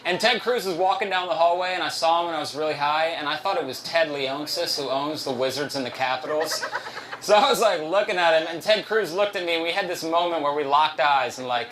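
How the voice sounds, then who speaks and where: A man's voice: fairly high pitch, background noise. A young man doing a stand-up comedy set at a live show, telling rambling, profane stories and laughing at his own jokes.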